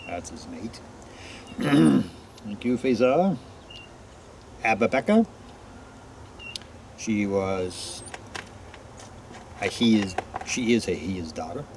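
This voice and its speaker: A man vlogging outdoors in a forest, greeting unseen listeners one by one and answering for them in a quieter voice. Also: fairly low pitch, lively intonation, takes it slowly, gravelly, long pauses, slight background noise. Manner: greets each name, then answers himself in a quieter voice. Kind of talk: casual talk to unseen listeners.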